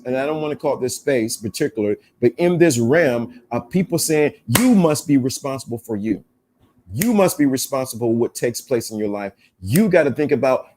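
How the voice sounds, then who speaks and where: A man's voice: mid-range voice, darkish tone. Man, podcast host, emphatic, preachy, repetitive, self-help talk.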